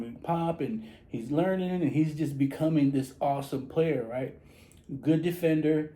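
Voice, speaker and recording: A man's voice: on the high side, unhurried, dark tone, rough recording. A man from San Antonio, talking casually as a barber. He rambles, repeats himself and restarts his sentences often. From San Antonio, Texas. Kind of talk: casual monologue to camera.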